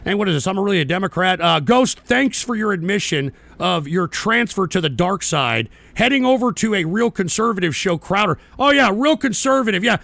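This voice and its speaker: A man's voice: high-pitched, lively intonation, brisk, vocal fry, few pauses, a bit bright, no echo. A man hosting a live-stream show, reading chat messages and answering them with profane, combative rants. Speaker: livestream radio host.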